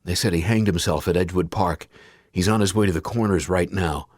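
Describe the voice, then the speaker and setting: A man's voice: sits low, a little fast, a little mellow, no echo, clean studio sound. A man reading a memoir aloud as an audiobook narrator, voicing the quoted cries with feeling. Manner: acts out anguished quoted cries, rising to pleading.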